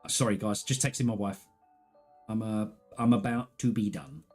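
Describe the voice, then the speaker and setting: A man's voice: lowish voice, steady tone, normal speed, gravelly, darkish tone, faint music behind. Candid man streaming casually. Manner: candid, rambling, earnest storytelling. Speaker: gaming streamer. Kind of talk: casual live-stream chat.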